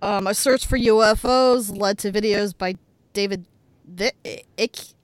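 A woman's voice: mid-range voice, unhurried, smooth, no echo. A woman co-hosting a podcast who chats casually, jokes and asks questions. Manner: joking, chatty, asks questions. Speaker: podcast co-host. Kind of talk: casual chat.

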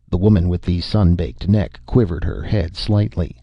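A man narrating an audiobook in a steady, measured way. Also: low voice, gravelly, dry recording. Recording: dull, dry recording.

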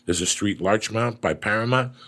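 A middle-aged man hosting a casual chat, a profane and animated storyteller with a gravelly, husky voice. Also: lowish voice, moderate pace.

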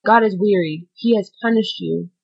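A woman voicing a stern, solemn male priest who speaks in a grave, measured, admonishing way. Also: medium pitch, vocal fry, husky, highs cut off.

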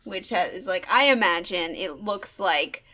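A woman's voice: on the low side, unhurried, bright, forceful tone. A woman playing a tabletop game, casually describing an item while searching for words. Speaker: player. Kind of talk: casual chat, tabletop role-play.

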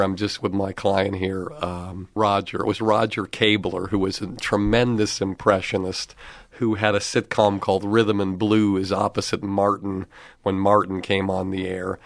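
A middle-aged man with a fairly low voice spins a chatty, lively story and slips into quoting the people in it. The sound is close and dry, with no room around it. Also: no room sound. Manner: chatty, lively storyteller who quotes others. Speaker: comedy manager and podcast host, guest here. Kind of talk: anecdotal storytelling.

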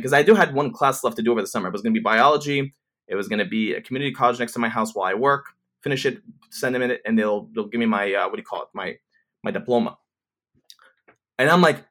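A man's voice: mid-range voice, fairly bright tone. A man in his twenties telling a story to camera in a casual, rambling way, with swearing and many restarts. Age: 20s. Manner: fast, rambling, profane retelling with many restarts.

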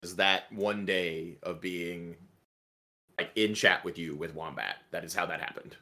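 A man guesting on a podcast chats in an animated, joking way, tossing in quick asides. His voice sits very low in pitch. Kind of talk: casual chat.

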